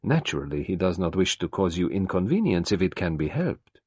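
A man voicing a courteous, fussy older male detective who speaks in a polite, measured, formal way. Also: deep voice, sing-song, a little mellow, breathy edge, no room sound, studio quality, heavily acted. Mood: probing.

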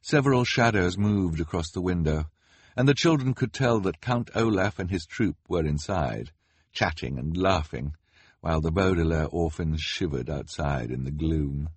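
A man reads a story aloud with a low, somewhat husky voice and a lively, swinging pitch. His delivery is measured and expressive. The recording is dry, close studio sound. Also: no room sound. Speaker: narrator. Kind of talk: scripted audiobook narration.

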